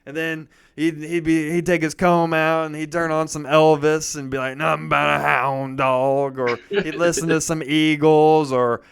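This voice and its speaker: Young male podcast co-host, smooth voice, chatty storyteller. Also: moderate pace, hardly any pauses. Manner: animated storyteller, jumps into loud high-pitched impressions. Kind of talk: casual storytelling chat.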